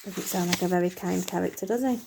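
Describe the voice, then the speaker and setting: A woman teacher reading a children's book aloud in a lively, expressive way. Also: fairly low pitch, fast, creaky, slight background noise.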